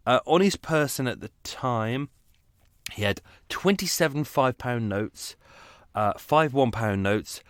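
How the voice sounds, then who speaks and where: A man's voice: fairly low pitch, a bit bright, no room sound, studio quality. A man hosting a true-crime podcast, narrating in a casual, rambling way with chatty digressions and laughs at his own asides.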